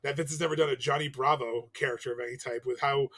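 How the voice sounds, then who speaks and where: A man co-hosting a casual wrestling podcast, animated, laughing often and swearing. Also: medium pitch, quick pace, a crowd in the background. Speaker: podcast co-host.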